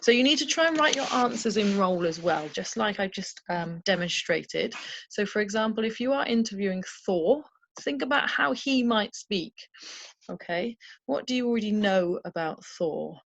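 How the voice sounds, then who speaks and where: A woman's voice: mid-range voice, expressive, normal speed, dry recording. Dry-voiced woman teacher. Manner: clear, encouraging, checks in with "okay?". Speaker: primary school teacher. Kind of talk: recorded home-learning lesson.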